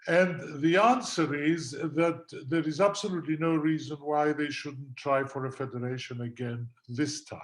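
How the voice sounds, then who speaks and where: A man answering as a guest lawyer in a webinar panel discussion, heard through a video call. He talks in a measured, reasoned way, building his case point by point and pausing on fillers as he goes. His voice sits at an ordinary pitch for a man.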